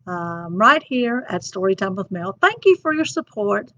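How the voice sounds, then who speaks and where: Slow, animated storytime woman. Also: medium pitch, no room sound. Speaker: storytime host. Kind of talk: children's story reading. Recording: dull lo-fi sound.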